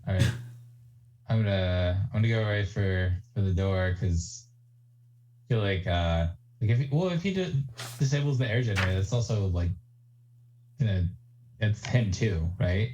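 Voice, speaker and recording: A man's voice: deep voice, normal speed, long pauses, darkish tone, lo-fi sound, a little hiss or hum. A man playing in a tabletop game, chatting casually with lots of fillers. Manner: hesitant, filler-heavy. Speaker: player.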